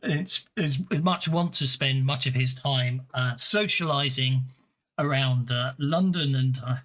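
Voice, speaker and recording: A man narrating as game master in a tabletop game, halting with many fillers. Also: mid-range voice, fairly bright tone.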